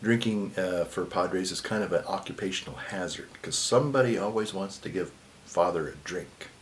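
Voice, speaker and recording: A Catholic priest with a somewhat low voice tells a personal story straight to the camera. He speaks casually, punching some words loudly and dropping others almost to a murmur. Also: normal speed, a little hiss or hum. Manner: conversational, swinging between loud and hushed.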